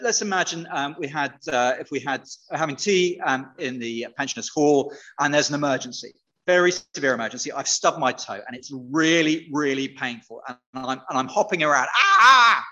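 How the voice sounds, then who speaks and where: A man's voice: fairly high pitch, fairly bright tone, highs cut off. A man preaching an all-age sermon, playful and interactive, chatting with children.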